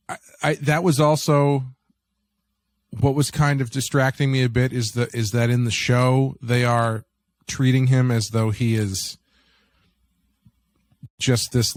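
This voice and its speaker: A man's voice: medium pitch, no echo. A man co-hosting a podcast in a rambling, casual review chat, swearing now and then. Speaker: podcast co-host.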